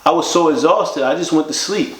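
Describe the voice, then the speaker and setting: Fairly high, brisk, and a bit bright, this interview guest's voice has a roomy quality. He recounts his life candidly and casually, often slipping into what other people said.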